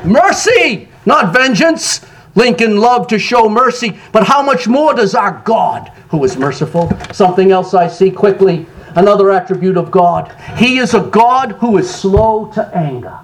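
A man preaching a sermon, jumping from loud exclamations to soft asides and laughing between phrases. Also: high voice, moderate pace, a little hiss or hum, rough recording. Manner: animated preaching, sudden loud rises and soft drops. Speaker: pastor.

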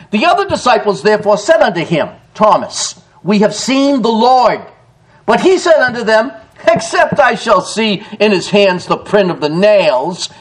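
Emphatic preaching man, lively high voice. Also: low-quality recording. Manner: emphatic preaching, reads scripture aloud with rising emphasis; swings between loud declarations and low, quiet asides. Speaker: pastor. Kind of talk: sermon.

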